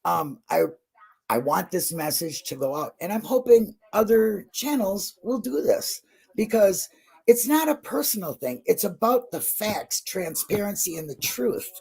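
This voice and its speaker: A woman's voice: medium pitch, sing-song, a little slow, creaky, a little mellow, breathy edge. A woman talking in a casual livestream chat about true crime, emotional and effusive, blunt and not shy about swearing. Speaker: true crime channel guest.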